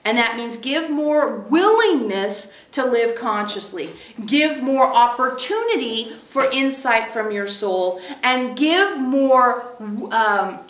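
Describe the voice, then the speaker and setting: A woman's voice: high voice, a bit bright. A woman channeler giving an emphatic teaching to a small group, stressing points by repeating them. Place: meeting room with a group of listeners. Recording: roomy echo.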